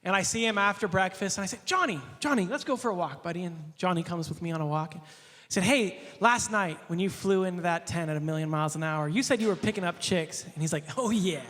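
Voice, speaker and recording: A male pastor telling a casual anecdote, animated, laughing often and acting out the quotes. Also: high voice, fast talker, in a large hall.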